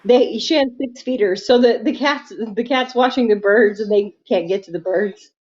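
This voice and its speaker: A high-pitched woman hosts a relaxed quilting livestream, chatting casually at a normal speed. She reads viewer comments aloud and laughs often, and the audio sounds dull and lo-fi, like a stream.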